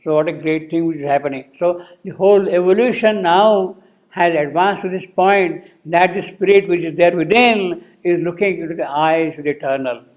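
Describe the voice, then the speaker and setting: A man's voice: a little high, normal speed, dull audio. A man teaching a poem, reciting its lines again and again and explaining them word by word. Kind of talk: slow lecture with poetry recitation.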